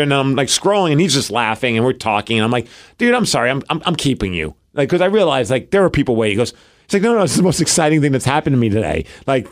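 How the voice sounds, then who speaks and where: A man in his forties, co-hosting a podcast and telling a story in casual chat, acting out the lines he quotes. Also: medium pitch. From US Pacific Northwest. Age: 40s. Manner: animated storyteller, acts out quotes. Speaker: podcast co-host.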